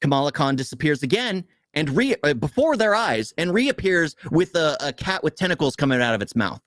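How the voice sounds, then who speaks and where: Exasperated man ranting, a bit high. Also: no room sound. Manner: animated, exasperated, rapid complaining. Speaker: podcast co-host. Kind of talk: casual movie review rant.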